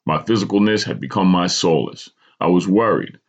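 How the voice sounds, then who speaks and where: Reading a personal story for his podcast, a man leans into dramatic storytelling but trips up a little here and there, on a dull lo-fi recording. He talks at a moderate pace in a low voice.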